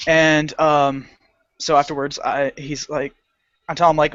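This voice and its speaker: A young man telling a story on a podcast, animated and swearing, acting out the people in it. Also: on the high side, unhurried, no echo, lo-fi sound. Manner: animated, swearing, acts out customer voices. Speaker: podcast co-host. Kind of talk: casual storytelling rant.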